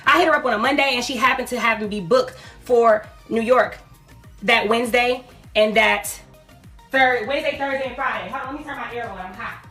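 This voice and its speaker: A woman from Detroit with a high, bright voice tells a story on a livestream. She is blunt, profane and dramatic as she retells arguments. Faint music plays behind her. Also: normal speed.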